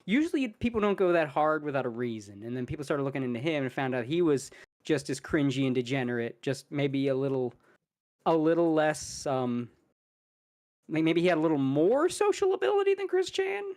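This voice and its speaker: A man's voice: on the high side, sing-song, a little fast, a little mellow. A man chatting casually as a podcast co-host, telling rambling stories between laughs.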